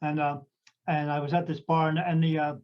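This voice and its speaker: Guy with a high voice rambling thru a story, lots of uh and restarts, dull lo-fi sound. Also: flat delivery, brisk. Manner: rambling, many fillers and restarts, acts out quoted voices. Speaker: podcast host, medium. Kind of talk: casual storytelling chat. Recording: dull lo-fi audio.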